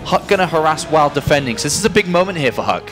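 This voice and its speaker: A man giving live play-by-play commentary on a strategy game, building excitement. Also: a little high, rapid-fire, soft background music. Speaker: esports caster.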